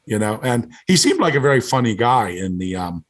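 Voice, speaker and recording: A man's voice: mid-range voice, very animated, fairly quick. A man who is a guest on a casual podcast, telling a long story and repeating "he goes" as he talks.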